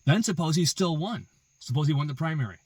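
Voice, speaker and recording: A man's voice: on the high side, lively intonation, fast, darkish tone, slightly rough, no echo. Male host, emphatic opinion monologue, repeats his points, dry close sound. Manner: emphatic, repetitive, building arguments with rhetorical questions. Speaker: political commentary host.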